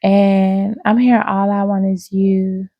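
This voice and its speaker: A woman giving an intuitive spiritual reading to her viewers, speaking slowly and soothingly with frequent "okay?" check-ins. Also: mid-range voice, level tone, no echo, lo-fi sound. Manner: slow, drawn-out, soothing, with many "okay?" asides. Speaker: psychic reader.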